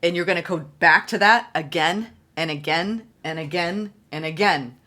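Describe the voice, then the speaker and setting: A woman giving a solo tarot reading, excitable and gushing, repeating phrases for emphasis. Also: fairly low pitch, normal speed. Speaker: tarot reader.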